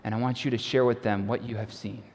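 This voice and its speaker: A man voicing Jesus as a calm teacher giving instructions, retold in a plain, earnest way. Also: mid-range voice, fast, close to an everyday voice. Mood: gentle, earnest. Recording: long reverb of a large hall.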